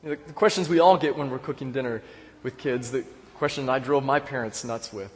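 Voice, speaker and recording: A man, a pastor, preaching a sermon as a personal story, with pauses and repeated words. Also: medium pitch, a little mellow. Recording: echoey hall with long reverb.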